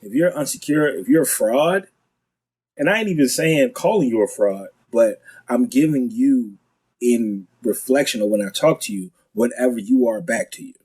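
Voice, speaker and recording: A man's voice: mid-range voice, husky, poor audio. A man, a guest comedian, talking casually on a podcast, telling stories with lots of restarts and acted-out quotes. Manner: animated storyteller, quick restarts, acts out quotes.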